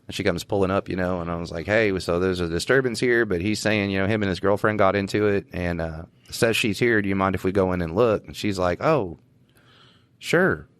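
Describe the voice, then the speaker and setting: Deep-voiced cop telling stories. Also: male voice, steady tone, fast, hardly any pauses, dry recording. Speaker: podcast co-host, police officer. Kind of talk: casual storytelling chat.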